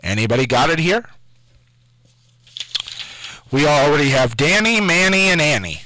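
A man's voice: on the high side, sing-song, normal speed, pushed and bright, slight background noise, low-quality recording. A man hosting a call-in radio quiz show from a station studio, taking callers and spelling out names letter by letter.

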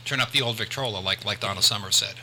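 Older male radio talk host, bright tone, rambling delivery, faint studio noise. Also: lowish voice, quick pace, low-quality recording. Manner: chatty, rambling with many restarts.

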